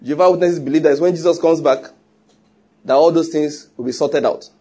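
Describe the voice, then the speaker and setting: Male pastor, husky high voice, emphatic, preaching. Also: fairly quick, warm tone. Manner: emphatic, conversational, joking asides. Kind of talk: sermon.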